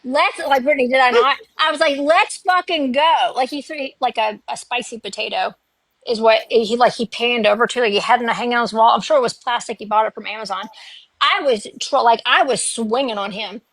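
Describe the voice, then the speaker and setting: A woman's voice: on the high side, brisk, fairly bright tone, no room sound, low-quality recording. A woman on a livestream, ranting in a heated, profane way. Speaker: livestream guest. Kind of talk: casual chat.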